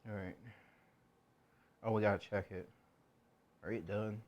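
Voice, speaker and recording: A man's voice: lowish voice, steady tone, measured pace. A man streaming himself cooking in a home kitchen, chatting casually and rambling to himself as he works.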